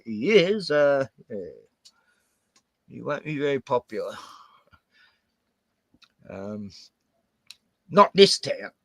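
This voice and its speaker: A man with an Australian accent, hosting and telling rough stories in casual chat, swearing a lot. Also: fairly high pitch, no echo. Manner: swears heavily, animated rants. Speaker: host. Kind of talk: profane casual storytelling.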